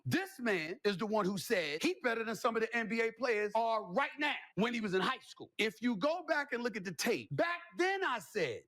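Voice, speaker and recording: A man giving heated, emphatic commentary, declaring his points forcefully in a husky voice. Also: very high-pitched, very animated, moderate pace, few pauses, no echo. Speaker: sports commentator.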